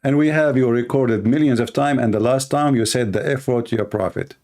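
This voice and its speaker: A man runs a live call-in debate, talking in a taunting, scornful way and laughing often. His voice is mid-pitched and ordinary. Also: brisk, darkish tone. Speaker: host of a live debate stream.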